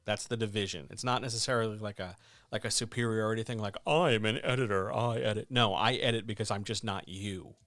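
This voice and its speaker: Talking fast in a steady, lowish voice with a slightly bright tone, this writing coach and editor casually and emphatically instructs writers, often through rhetorical questions. The recording is dry and studio quality.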